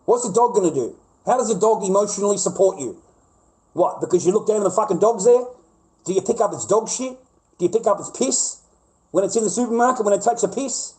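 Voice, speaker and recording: Australian livestreamer, middle-aged man, high-pitched voice, heated profane rant. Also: fast talker, darkish tone, low-quality recording.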